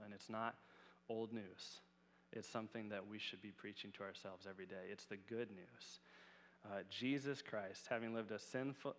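A man's voice: lowish voice, a bit bright, in a large hall. A man teaching on a psalm in a conversational sermon, earnest and casual, with frequent fillers. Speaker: Bible teacher.

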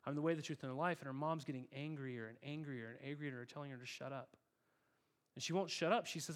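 A man's voice: medium pitch, fast. A male pastor preaching a sermon, telling a story in an earnest, conversational way and calling the congregation "guys".

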